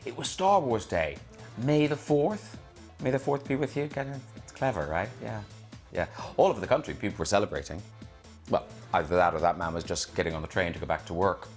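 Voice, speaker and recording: A male talk show host with a wry, quipping delivery, doing a joking monologue and then interviewing a guest over a video call. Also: low-pitched.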